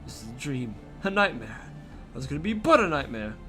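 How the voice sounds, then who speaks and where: A man's voice: very animated, fairly quick, fairly bright tone, soft background music. A man voicing a terrified, cowering old bishop who panics in disbelief, reading game dialogue aloud. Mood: dazed. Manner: shrill, frantic, disbelieving.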